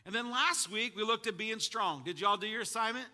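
A man preaching a sermon, calling out to his congregation and building to shouts at the high points. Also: a little fast. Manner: call-and-response preaching to a congregation. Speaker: pastor.

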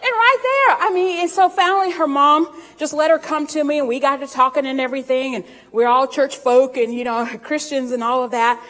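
A woman's voice: high voice, fairly bright tone, a faint crowd. Folksy preacher woman in a reverberant hall. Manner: folksy storytelling, laughing often, drawn-out scripture reading. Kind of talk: sermon.

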